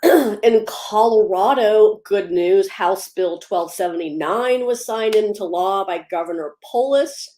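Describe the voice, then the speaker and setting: A woman's voice: mid-range voice, unhurried, dark tone, reverberant. A woman hosting a casual livestream, upbeat, greeting viewers by name and laughing easily between policy updates. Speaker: livestream host.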